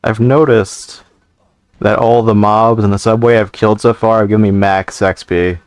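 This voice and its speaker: Man, lowish voice, smooth, dry close sound, brief playtester. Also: fairly even intonation, moderate pace, dry recording. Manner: plain, brief replies. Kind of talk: casual voice chat.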